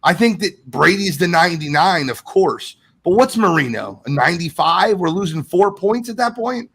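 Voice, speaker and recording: A man hosting a live sports podcast, talking in a lively, animated way as he reads out viewer comments. His voice sits a little high and has a gravelly edge to it. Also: moderate pace. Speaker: podcast host. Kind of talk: casual live podcast chat.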